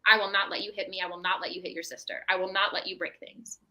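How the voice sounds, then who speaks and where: A woman's voice: medium pitch, level tone, fast talker, pushed and bright, low-quality recording. A woman, a mental health professional, giving parenting advice in a casual podcast chat, often checking in with "right?". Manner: explanatory, tags statements with "right?".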